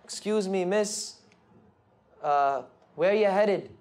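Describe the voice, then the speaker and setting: A man's voice: sits high, slow, darkish tone. A male speaker voicing a kind, concerned rabbi in a spoken story. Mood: caring.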